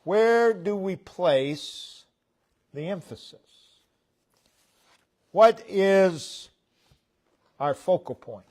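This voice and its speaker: A man preaching a sermon in a church, speaking in short, deliberate phrases that trail off at the ends. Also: high voice, lively intonation, darkish tone. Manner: slow, deliberate preaching with pauses between phrases; voice falls away at the ends of phrases.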